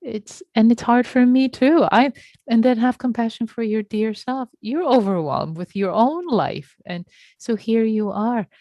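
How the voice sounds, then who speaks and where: A woman meditation teacher speaking gently and reassuringly to a group on a video call, slow and sometimes breathy. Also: a little high, animated, no room sound, dull audio. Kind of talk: gentle dharma talk to a Zoom group. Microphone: computer mic on a video call.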